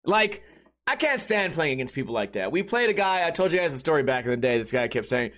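A man's voice: fairly high pitch, big pitch swings, fast talker, fairly bright tone. A young man hosting a podcast, rambling in a casual, jokey, profane monologue. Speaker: podcast host.

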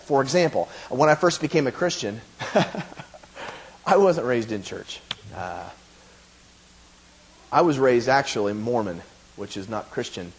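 A man's voice: medium pitch, lively intonation, measured pace, pauses often, husky. A man preaching a sermon, chatting casually and then building to emphatic preaching. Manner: conversational, rising to emphatic preaching.

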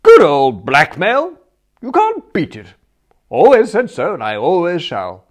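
A man voicing a booming, hearty older aunt in an audiobook reading, loud and emphatic. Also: normal speed, creaky, close to an everyday voice. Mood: gleeful.

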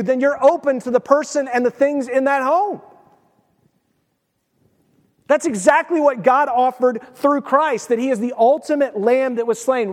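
Male pastor, high voice, emphatic and chatty sermon delivery, ringing church acoustics. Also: big-room sound. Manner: emphatic, conversational preaching with asides.

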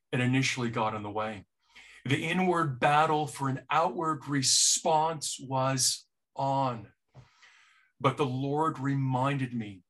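Brief: male pastor, unhurried heartfelt sermon, mid-range voice, halting restarts. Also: mid-range voice, fairly bright tone. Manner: slow, earnest and personal, with repeated starts.

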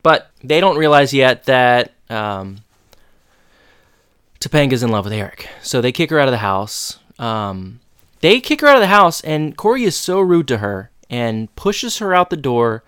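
Low-key male podcast co-host. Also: very animated, unhurried, a bit bright, clean tone, no echo, studio quality. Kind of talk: casual rewatch podcast chat.

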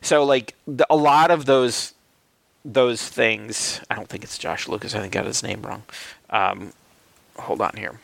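A man's voice: medium pitch, steady tone, a little slow, vocal fry, fairly bright tone, no echo. A man in casual talk about films, rambling with many fillers and restarts, swearing now and then. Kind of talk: casual film discussion.

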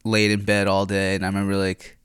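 A young man telling a casual story, rambling and profane, full of "like" and throat clearing. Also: sits low, completely flat delivery, a little fast, fairly bright tone, no room sound, studio quality.

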